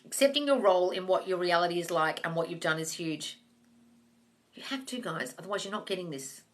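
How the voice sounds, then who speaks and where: Speaking a little fast in a lowish voice, a woman offers casual, blunt advice during a live manifesting Q&A. She curses and calls people "darling" and "guys." Audio is from a phone or webcam on a live stream.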